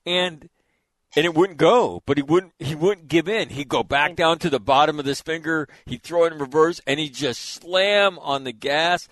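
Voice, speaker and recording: An older man hosting a casual chat, telling animated, laughing stories with crude swearing. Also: fairly high pitch, moderate pace. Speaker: host.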